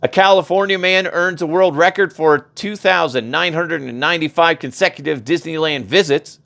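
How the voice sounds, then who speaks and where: A man's voice: fairly high pitch, moderate pace, gravelly, sharp tone. A man hosting a podcast, ranting casually and profanely through funny news headlines, often stumbling and restarting. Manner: rambling, profane, laughs at own jokes, does mocking voices. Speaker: podcast host. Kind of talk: casual comedic headline rant.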